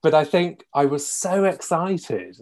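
A man's voice: a little high, animated, a little mellow. A young man, a conductor, chatting as a podcast guest with easy enthusiasm. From England. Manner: quick, enthusiastic, laughing easily. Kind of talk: casual interview chat.

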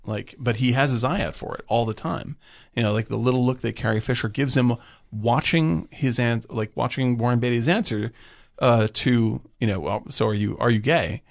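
A man in casual film chat, rambling with lots of fillers and getting animated when he retells scenes. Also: medium pitch, moderate pace, gravelly.

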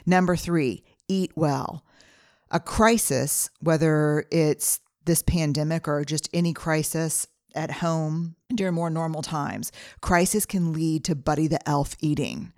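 A woman's voice: deep voice, a little slow, darkish tone, no echo, studio quality. A middle-aged woman hosting her own podcast, talking earnestly through numbered advice in a solo monologue. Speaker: podcast host.

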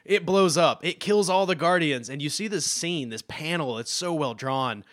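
A man's voice: fairly high pitch, moderate pace, no room sound, studio quality. A man co-hosting a casual podcast, telling a comic book story with energy and acting out quotes. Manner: excited storytelling with quoted voices. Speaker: podcast co-host.

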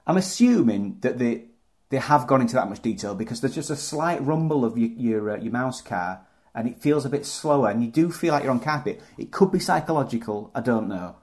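A man's voice: medium pitch, expressive, brisk, a little mellow. A man co-hosting a podcast, chatting casually in a hesitant, rambling way with dry jokes. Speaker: podcast co-host. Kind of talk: casual chat.

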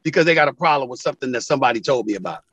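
A man's voice: animated, rapid-fire, a bit bright, breathy edge, no room sound, dull audio. A man, a sports TV commentator, talking in an interview and telling stories with emphasis, acting out quoted phone calls. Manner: emphatic, acts out quoted calls with big pitch swings. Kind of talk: animated interview storytelling.

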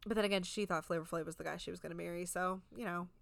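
A woman's voice: lowish voice, fairly even intonation, rapid-fire, creaky, fairly bright tone, dry recording. A woman co-hosting a recap podcast, talking in a frank, crude, chatty way full of filler words. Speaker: podcast co-host recapping a reality show. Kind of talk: casual chat.

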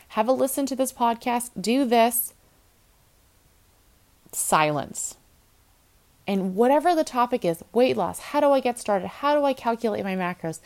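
A woman's voice: a little high, darkish tone. A woman who works as a nutrition coach and hosts a podcast, giving a blunt, tough-love motivational talk in a casual, direct way.

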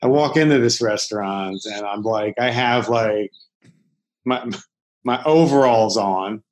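A Philadelphia chef, guesting on a podcast interview, tells stories casually in a lowish, slightly slow voice on a low-quality recording. He rambles, restarts often, swears freely, and acts out quotes.

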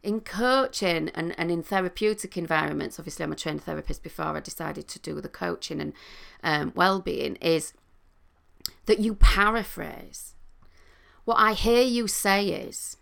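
A middle-aged woman, a coach and trained therapist, explaining listening skills in a calm, teaching manner. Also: lowish voice, normal speed, creaky. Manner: calm, explanatory, with sing-song demonstrations. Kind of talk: talking to camera, teaching.

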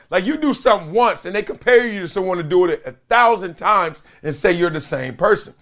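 A man's voice: high-pitched, a bit bright. A middle-aged man hosting a sports talk show, reading viewer comments aloud with playful hype chants and frequent laughter.

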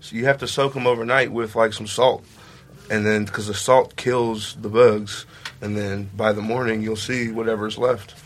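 A man in casual conversation, relaxed and agreeable, giving short replies and easy explanations. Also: lowish voice, moderate pace. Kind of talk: casual chat.

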